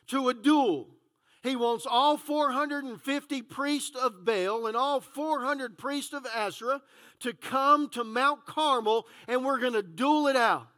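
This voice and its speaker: A man's voice: extremely high pitch, pushed and bright. A man preaching a conversational sermon as pastor, full of "uh, you know" fillers.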